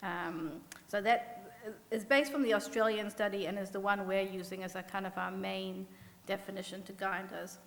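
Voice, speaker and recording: A woman's voice: mid-range voice, fairly even intonation, normal speed, fairly bright tone. New Zealand woman presenting in a hall. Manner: earnest, self-deprecating, many fillers and restarts. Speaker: symposium panel speaker, economist. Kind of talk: conference presentation. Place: conference hall. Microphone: podium mic. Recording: long reverb from a hall.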